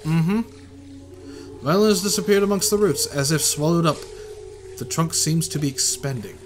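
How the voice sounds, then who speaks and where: A man's voice: fairly high pitch, steady tone, moderate pace, over music. A man playing through a game and reading its text aloud, chatting casually and muttering, at times breaking into exasperated rants. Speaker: gaming video host.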